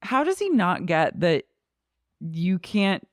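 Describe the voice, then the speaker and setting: A woman's voice: lowish voice, big pitch swings, slow, dry recording, clean studio sound. A woman co-hosting a podcast, chatting casually and bluntly about a reality show, laughing often and swearing. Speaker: podcast co-host. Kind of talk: casual gossip chat.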